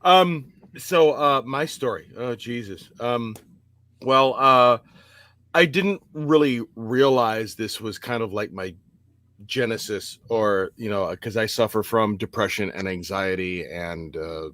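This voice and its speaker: A man's voice: fairly low pitch, slow pace, a bit bright, no echo. A man in his forties telling a personal story on a podcast, hesitant and self-deprecating with many fillers, over a remote call mic. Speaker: podcast guest. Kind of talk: personal story in casual chat.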